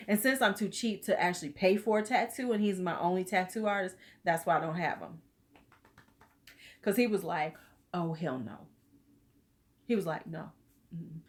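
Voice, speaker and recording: A woman's voice: fairly low pitch, moderate pace. Bawdy, chatty woman hosting a live stream. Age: middle-aged. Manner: chatty, loose and bawdy, laughing with commenters. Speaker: host of a live beauty chat. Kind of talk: casual live-stream chat with viewers.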